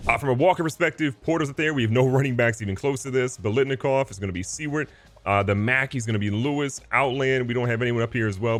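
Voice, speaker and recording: Fast-talking hyped young man with music. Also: fairly bright tone. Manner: hyped, joking, swings to sudden high-pitched yelps. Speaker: gaming YouTuber. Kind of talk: excited football video game commentary.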